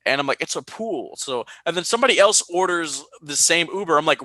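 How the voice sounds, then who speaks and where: A young man hosts a casual podcast, bright and forceful in tone. He tells stories with animation, often jumping up high to act out what others said. The sound is dry and close, with no room around it. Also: brisk, no echo. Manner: animated storytelling, high-pitched quoted voices. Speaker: podcast host.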